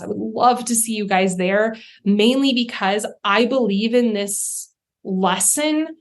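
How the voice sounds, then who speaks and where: Chatty young woman podcast host. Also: mid-range voice. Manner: chatty and candid, acts out her own thoughts in quoted asides. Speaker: podcast host, life coach. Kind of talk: casual solo podcast talk.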